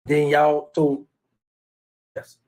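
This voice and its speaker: A man's voice: a little high, monotone, extremely slow. A man hosting a casual live stream, rambling and teasing rival fans, calling out viewers by name. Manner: teasing, rambling, trash-talking, shouts out viewers.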